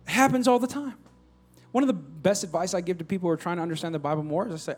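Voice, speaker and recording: High-voiced animated man preaching. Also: quick pace, soft background music. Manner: animated, swings between loud calls and soft near-whispers, audience prompts. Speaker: pastor. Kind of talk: sermon.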